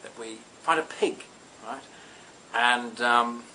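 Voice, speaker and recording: A man's voice: medium pitch, takes it slowly, sharp tone, slight background noise, rough recording. A man doing a knowing young princess. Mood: matter-of-fact. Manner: matter-of-fact, scheming.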